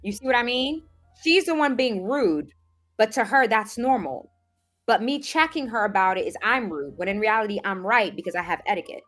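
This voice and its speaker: A woman telling a personal story as a vlog, animated and emphatic, acting out what others said. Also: medium pitch, normal speed, faint music behind. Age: adult, has seen the same doctor since age sixteen. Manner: animated, quotes others in a mimicking voice, emphatic and indignant. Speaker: self-improvement vlogger. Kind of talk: casual storytelling monologue.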